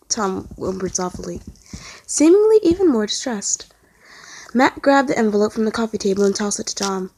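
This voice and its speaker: A woman's voice: medium pitch, lively intonation, normal speed, darkish tone, no room sound. A woman reading fan fiction aloud as narrator, telling it in an earnest, emotional way.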